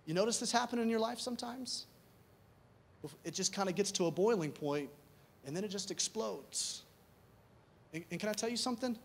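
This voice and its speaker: A pastor preaching a conversational sermon, asking rhetorical questions and repeating key words for emphasis. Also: male voice, high-pitched, slight background noise.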